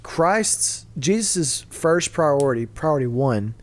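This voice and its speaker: A man's voice: fairly high pitch, animated, slow pace. A man hosting a casual faith discussion, explaining his view earnestly and answering his own rhetorical questions. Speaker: podcast host.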